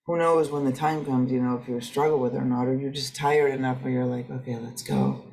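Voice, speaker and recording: A woman's voice: very deep voice, fairly even intonation, fast, darkish tone, poor audio. A middle-aged woman hosting a podcast, talking in a rambling, conversational way with frequent restarts. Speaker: podcast host. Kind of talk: casual reflective monologue.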